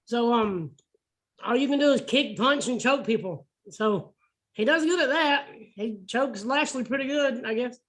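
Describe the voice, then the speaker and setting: A man's voice: very high-pitched, lively intonation, a little slow, a bit bright. A man from Alabama, chatting casually on a podcast, rambling with lots of "I mean". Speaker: podcast co-host. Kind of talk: casual chat.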